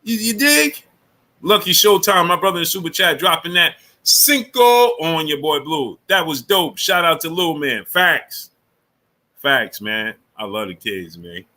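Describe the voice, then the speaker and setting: A man's voice: a little high, a little slow, pushed and bright. A man hosting a casual sports talk livestream, speaking in loose slang and greeting viewers from the super chat between his takes.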